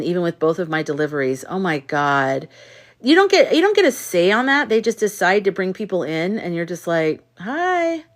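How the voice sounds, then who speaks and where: A woman hosting a casual livestream, telling candid stories with an exasperated edge and reading viewers' comments aloud. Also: lowish voice. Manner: candid storyteller who reads chat comments aloud; outspoken and exasperated in anecdotes. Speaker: livestream host. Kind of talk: casual live chat with viewers.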